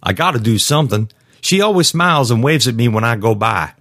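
A man's voice: medium pitch, expressive, fairly quick, a bit bright, dry recording, clean studio sound, pitched above the performer's own voice. A man voicing an earnest, impulsive young security guard in a storybook reading, speaking in an urgent, pleading manner.

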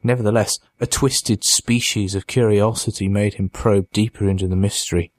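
A man reads a horror story aloud in a measured, dramatic way. His voice sits low and steady. The recording is close and dry, with no room echo. It is a scripted audiobook narration.

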